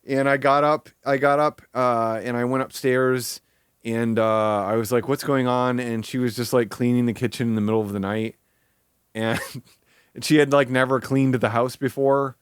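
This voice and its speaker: A man's voice: medium pitch, steady tone, moderate pace, clean tone, no room sound. A young man chats casually on a live stream, rambling from one thought to the next. His voice sits in a middle register, and the sound is dry and close, with no room around it. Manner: rambling, with many fillers and restarts.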